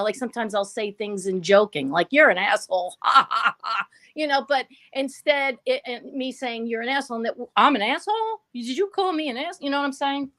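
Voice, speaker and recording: A chatty middle-aged woman co-hosting a casual online talk. Her voice sits a little high, and she laughs often. She makes her points by acting out small everyday exchanges. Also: pushed and bright. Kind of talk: casual chat.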